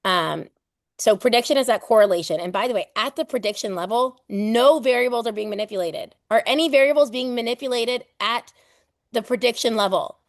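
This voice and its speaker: A woman's voice: on the high side, brisk, no echo, clean studio sound. A woman running a live online exam prep class in a loose, playful way. She acts out everyday examples and swears casually.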